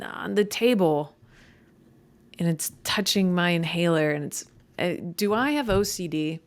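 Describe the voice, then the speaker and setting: Stumbling, irritable young woman comedian. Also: low-pitched. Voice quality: voice cracks. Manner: stumbling, self-deprecating, easily irritated. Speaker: comedian podcast host. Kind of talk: casual rambling monologue.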